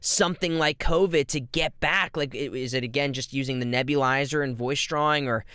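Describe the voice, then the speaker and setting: A man's voice: mid-range voice, a little fast, pushed and bright, clean tone, no room sound, clean studio sound. A man hosting a podcast, telling a story and asking a rambling question. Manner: rambling, lots of restarts and self-corrections. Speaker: podcast host. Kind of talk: podcast interview.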